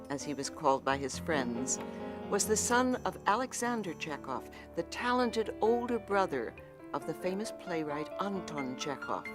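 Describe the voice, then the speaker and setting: A low-voiced female documentary narrator. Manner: measured, formal. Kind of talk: scripted narration.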